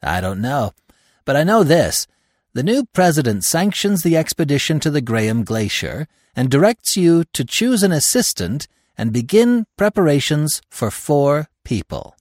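A man's voice: fairly high pitch, sing-song, a little slow, darkish tone, no room sound, studio quality, pitched above the performer's own voice. A man voicing a male professor who talks to a colleague in a wry, bantering way. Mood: earnest.

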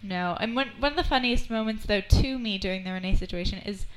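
A woman's voice: mid-range voice, quick pace, rough recording. A woman co-hosting a casual TV recap chat, telling it animatedly and quoting the characters. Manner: animated storyteller, quotes characters. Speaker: podcast co-host.

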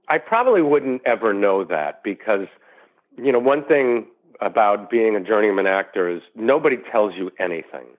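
A middle-aged actor talking as an interview guest, rambling through anecdotes with lots of "you know" restarts. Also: male voice, on the low side. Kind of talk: casual interview storytelling. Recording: tinny phone line.

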